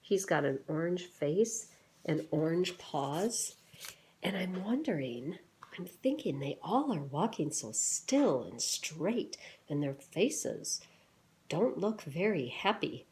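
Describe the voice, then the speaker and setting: Low-voiced teacher lady reading a picture book to kids, slow and gentle, stops to ask questions. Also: sing-song, a little hiss or hum. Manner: gentle, pauses to ask children questions and wonder aloud.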